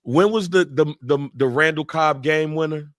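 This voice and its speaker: A man's voice: fairly high pitch, moderate pace, dry recording, clean studio sound. A man, telling a profane, laughing story as a talk-show co-host.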